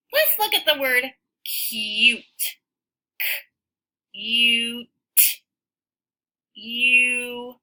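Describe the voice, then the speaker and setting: A woman teaching a phonics lesson to young children, sounding out words slowly and cheering her listeners on. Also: sits high, low-quality recording. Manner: slow, sounds out words, animated encouraging teacher voice.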